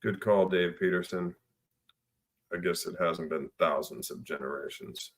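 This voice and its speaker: A man's voice: low voice, measured pace, fairly bright tone, husky. A man making brief, dry interjections during a casual livestream.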